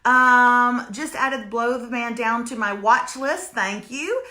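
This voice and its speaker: A woman's voice: on the high side, slow pace, bright, forceful tone. A woman hosting a casual show reviewing streaming series, reading viewer comments aloud and hammering her points home by repeating them. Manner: emphatic, repeats lines for comic effect. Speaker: host reviewing streaming shows. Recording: echoey room.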